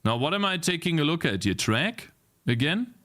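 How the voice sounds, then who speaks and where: A man's voice: fairly high pitch, very animated, normal speed, fairly bright tone. A man streaming his game development live, talking casually, reading chat aloud and ranting in exasperation with frequent swearing. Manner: reads chat messages aloud and answers them.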